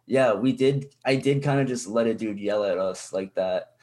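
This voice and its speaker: A man's voice: medium pitch, moderate pace, a little mellow. A young adult man on a podcast, chatting in a rambling, profane way, full of fillers and restarts. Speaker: podcast co-host. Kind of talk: casual chat.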